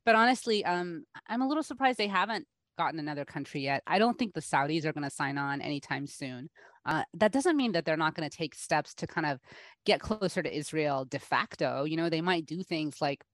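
A woman's voice: sits low, expressive, brisk, no echo, studio quality. A woman journalist answering radio interview questions, losing her voice and coughing now and then, talking casually with lots of fillers and restarts. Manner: conversational, many fillers and restarts. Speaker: journalist guest.

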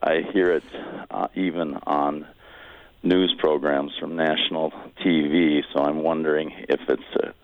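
A man's voice: extremely low pitch, level tone, unhurried, no echo. A man from Wisconsin calling in to a radio show, asking his question in a rambling, hesitant way over the phone. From Wisconsin, USA. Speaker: caller. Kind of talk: call-in question. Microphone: telephone. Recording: phone line.

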